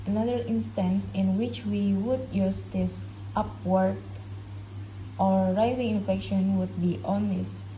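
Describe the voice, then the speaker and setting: A young woman reads a class presentation at a mid pitch, careful and steady as she works through example sentences. A faint hiss sits under her voice. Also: slow pace, poor audio. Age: young adult. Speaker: student presenter.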